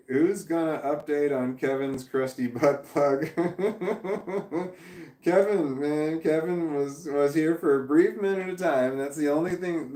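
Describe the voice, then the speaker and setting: Rambling through a casual live stream, a man reads chat messages aloud and laughs a lot, his mid-range, slightly mellow voice prone to cracking when tired. He sounds distant from the mic in an echoey room.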